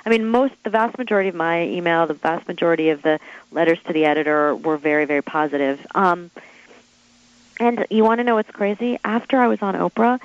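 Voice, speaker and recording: A woman author being interviewed, telling stories in an animated, chatty way with quick asides and acted-out quotes. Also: fairly low pitch, no room sound, dull audio. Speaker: author guest. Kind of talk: interview storytelling.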